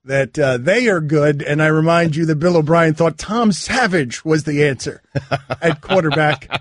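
A man hosting a sports radio show, talking casually in an animated, mock-exasperated way from a studio. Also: fairly high pitch, normal speed, no echo. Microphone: studio mic.

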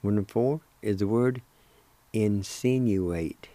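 Language teacher, male: low, mellow voice, very slow and careful, dry close recording, spells syllables one at a time. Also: no echo.

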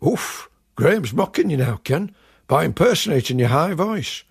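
A man voicing a mild, fretful middle-aged male amateur singer-songwriter in a comic radio act, with a raspy voice. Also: fairly high pitch, big pitch swings, normal speed, pitched above the performer's own voice, heavily acted.

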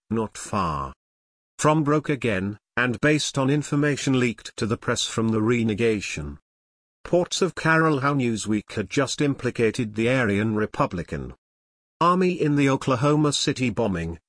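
Male audiobook narrator, mid-pitched, measured and even, close dry recording. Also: no room sound. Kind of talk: scripted nonfiction narration.

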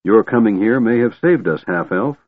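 A man voicing a grave, earnest sea elf woman who speaks in a measured, formal way. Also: fairly low pitch, animated. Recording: narrow phone-like dry audio.

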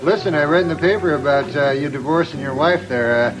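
A man's voice: a little high, brisk, natural voice, poor audio. A man playing a dry, folksy bartender. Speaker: sketch character. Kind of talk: TV sketch comedy. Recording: TV studio audience laughter. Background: studio audience and music.

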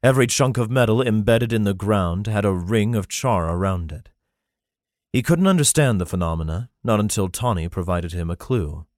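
A man narrating a fantasy novel in a steady, even storytelling manner. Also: lowish voice, moderate pace, no room sound, clean studio sound. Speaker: audiobook narrator.

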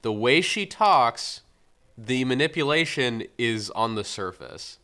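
Guy on a movie podcast, bright clear voice, kinda fired up, acting out scenes as he complains. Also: medium pitch, slow pace. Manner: animated, exasperated retelling with acted-out quotes. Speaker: podcast co-host. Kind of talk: casual film review chat.

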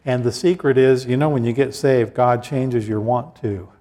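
A male pastor delivering a sermon in a relaxed, conversational way, often restarting phrases and slipping in little asides. His voice sits at an ordinary middle pitch. It carries a long reverb, as in a church sanctuary. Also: moderate pace. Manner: conversational preaching, many restarts and asides, reads scripture aloud. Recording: hall reverb.

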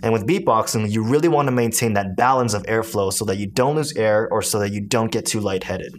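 A man's voice: lowish voice, brisk. A man casually teaching a beatboxing technique step by step. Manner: explains step by step with demo sounds. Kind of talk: casual tutorial.

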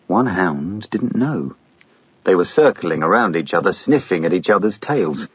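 A man narrating an audiobook in a measured, steady storytelling manner. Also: sits low, slightly rough, no echo, muffled recording.

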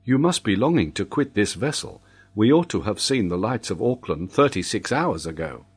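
A man's voice: on the low side, sing-song, moderate pace, slightly rough, full character voice. A loyal young captain, earnest and steadying, who speaks plainly to his lord, as a male narrator puts him on in a storybook reading.

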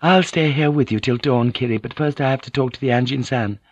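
A man reading a composed, proud young noblewoman who speaks gently and politely. The delivery is quietly confident. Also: medium pitch, a little fast, no room sound, voice pushed up, close to an everyday voice.

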